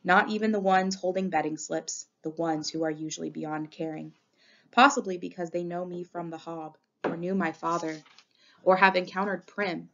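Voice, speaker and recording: A woman narrating a novel in the first person with expressive, dramatic reading, on a dull lo-fi recording. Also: on the low side, vocal fry. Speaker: audiobook reader. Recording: dull lo-fi audio.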